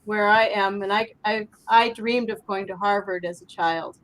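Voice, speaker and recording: A woman's voice: mid-range voice, fairly even intonation, normal speed, fairly bright tone, a little hiss or hum, low-quality recording. A woman hosting an interview, chatty and enthusiastic as she shares her own stories. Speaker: host. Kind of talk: casual interview chat.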